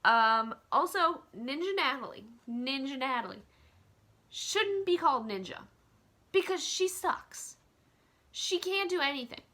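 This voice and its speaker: A woman's voice: high-pitched, lively intonation, unhurried, bright, forceful tone. A woman ranting casually in a vlog, chatty and opinionated, filling her talk with "like" and "um," recorded on a phone. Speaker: vlogger. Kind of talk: casual rant.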